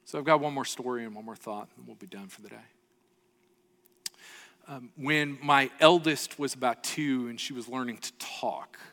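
A man's voice: mid-range voice, moderate pace, a bit bright. A man preaching a sermon as pastor, earnest and storytelling, often checking in with the congregation. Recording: long reverb of a large hall.

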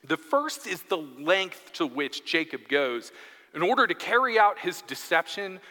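Man, preacher, sermon, reads scripture then chats through it, bright tense tone, long hall reverb. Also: high voice, big pitch swings, unhurried. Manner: reads scripture, then conversational commentary acting out quotes.

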